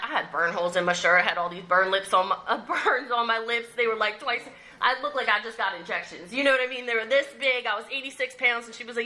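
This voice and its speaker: Bright-voiced woman telling her story. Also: fairly high pitch, fast talker, low-quality recording. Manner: candid, conversational, laughs through the story. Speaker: recovery speaker. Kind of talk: personal testimony at a recovery meeting. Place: meeting room.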